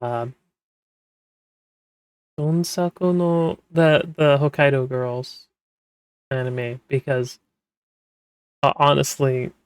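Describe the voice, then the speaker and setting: A man's voice: mid-range voice, fairly even intonation, slow, pauses often, clean tone, no room sound. A man who works as a manga translator, talking casually and rambling with many fillers and restarts. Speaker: manga translator, podcast host. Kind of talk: casual explanatory talk.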